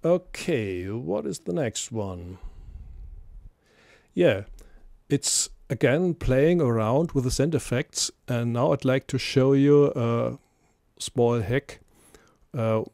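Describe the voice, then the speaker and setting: Slow-talking male mixing tutor, mellow tone, halting and filler-heavy delivery. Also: mid-range voice, no room sound. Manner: hesitant, many fillers and restarts. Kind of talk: screen-recorded software tutorial.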